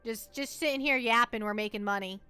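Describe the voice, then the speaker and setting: A woman's voice: a little high, fairly quick, pushed and bright, clean tone, faint music behind. A woman from the United States chatting playfully and teasingly while livestreaming a game, often repeating words as she goes. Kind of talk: casual gameplay livestream chat.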